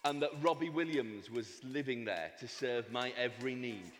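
A man's voice: mid-range voice, moderate pace, a little hiss or hum, voice pushed down, natural voice. A man voicing a fisherman's wife who muses wistfully over what more she could wish for. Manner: wistful, wishful musing. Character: demanding dreamy fisherman's wife. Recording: reverberant hall.

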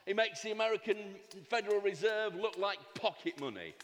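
A man telling a long comic joke at an event, animated and breaking off for asides to the audience. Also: sits high, a little fast. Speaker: speaker at a fundraising event. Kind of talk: comic storytelling with slides. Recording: reverberant hall.

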